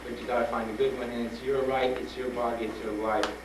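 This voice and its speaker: A man's voice: medium pitch, quick pace. Man telling his story in an echoey hall. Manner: animated, acts out dialogue, laughs often; frank and urging. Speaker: guest speaker at a school. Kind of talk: personal storytelling talk to students. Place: school hall with an audience. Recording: roomy old tape from a distant mic, noisy.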